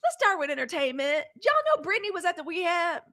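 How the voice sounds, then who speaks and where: A woman's voice: very high voice, big pitch swings, a little fast, sharp tone. A woman in her fifties from Mississippi with a Southern accent, hosting a casual live news stream and chatting straight to her viewers. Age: 50s. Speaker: live news show host.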